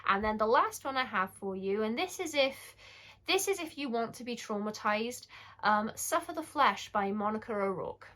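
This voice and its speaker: A British woman in her forties, host of a casual horror book-review vlog, chatty and candid, rambling with quick self-corrections and asides. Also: fairly high pitch, animated, fairly bright tone. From United Kingdom.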